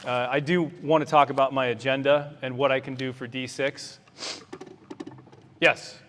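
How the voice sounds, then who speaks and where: A man's voice: medium pitch, level tone, moderate pace, a bit bright, a little hiss or hum. A man, a doctor running for office, giving an earnest, plainspoken campaign speech to a crowd in a meeting hall. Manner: earnest, plainspoken, fiery at times. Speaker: doctor and political candidate. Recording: long hall reverb.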